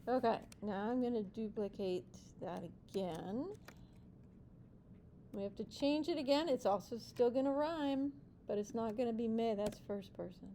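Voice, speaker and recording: Woman Spanish teacher, high and unhurried, encouraging, playful with her students. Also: animated, dark tone, a little hiss or hum. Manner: explains step by step with repeated check-in questions. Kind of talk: classroom teaching. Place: classroom with students.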